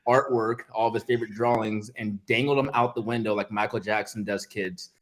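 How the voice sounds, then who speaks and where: A man's voice: fairly low pitch, fairly even intonation, brisk, heavy background noise. A man telling a family story in casual conversation among his brothers, laughing through the punchlines. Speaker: podcast co-host, one of the brothers.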